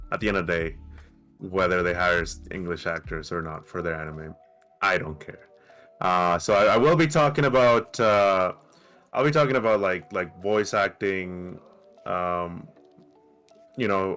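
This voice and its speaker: A man's voice: deep voice, pushed and bright. A man from Mexico talking on a casual podcast panel, with many fillers and restarts. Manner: grows heated and emphatic. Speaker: podcast co-host.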